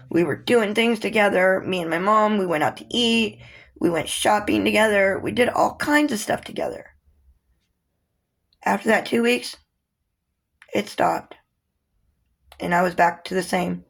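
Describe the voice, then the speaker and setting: A woman's voice: fairly low pitch, vocal fry. A woman talking to her viewers in a personal vlog, earnest and heartfelt, opening up about hard memories and pleading with people to help each other. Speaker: vlogger. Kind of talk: personal talk to camera.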